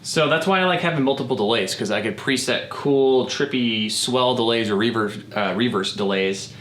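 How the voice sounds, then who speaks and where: A man hosting his own music gear channel, walking through a guitar pedal demo in a relaxed, chatty way with some fillers. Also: mid-range voice, normal speed, echoey room. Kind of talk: casual gear demo walkthrough. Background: guitar effects playing between lines.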